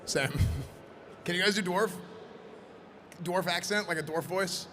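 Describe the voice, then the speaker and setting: A man presenting in costume at a live event, joking and rambling loudly. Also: sits high, a little slow. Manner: playful, rambling, loud. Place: convention event floor. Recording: noisy convention floor.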